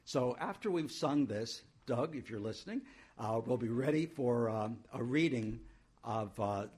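A man's voice: medium pitch, a little mellow, slightly rough. A male pastor introducing a church service in a conversational way, with homely asides.

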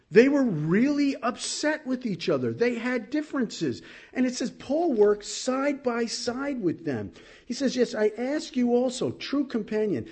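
A man preaching a sermon as pastor, animated, swinging from loud exclamations to low asides. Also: breathy edge.

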